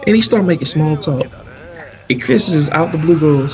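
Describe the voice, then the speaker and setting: Animated slangy male storyteller. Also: on the high side, moderate pace, slight background noise. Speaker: stream commentator. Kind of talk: casual storytelling on a live stream.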